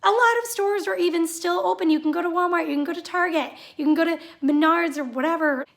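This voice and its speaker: Woman vlogger, high voice, sarcastic and exasperated rant to camera. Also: fast talker, vocal fry. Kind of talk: ranting vlog monologue.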